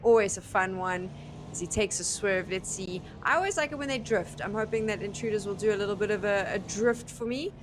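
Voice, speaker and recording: A woman commentating an esports match at a middle pitch, easygoing and chatty. She pokes fun at herself between her calls of the action. Faint ambient sound sits behind her. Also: a little fast, noisy background. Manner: chatty, self-deprecating, laughs at her own slips. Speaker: esports caster. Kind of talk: play-by-play and analysis commentary.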